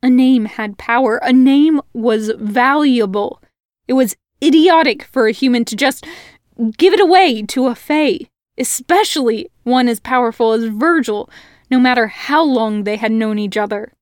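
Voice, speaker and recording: A woman reads a fantasy story aloud at an unhurried, measured pace, her voice pitched a bit high. The recording is dry and close, with no room echo behind her. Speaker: podfic reader. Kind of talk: audiobook narration of fan fiction.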